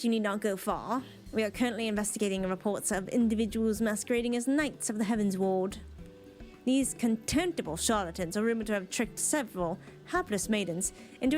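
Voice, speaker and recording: A proper, formal inquisitor from a fantasy game, laying out a case in measured terms, as a woman reads him aloud. His delivery stays calm and official. The voice sits slightly high. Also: close to an everyday voice.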